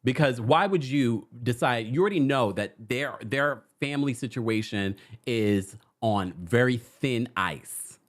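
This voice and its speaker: A man's voice: mid-range voice, measured pace, hardly any pauses. A man hosting a casual reality TV recap, talking to his viewers and reading their comments aloud. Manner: animated, acts out quotes, reads viewer comments.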